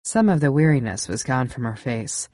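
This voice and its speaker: A woman narrating a first-person thriller audiobook in a measured, intimate way on a close studio mic. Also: extremely low pitch, expressive, dark tone, no room sound.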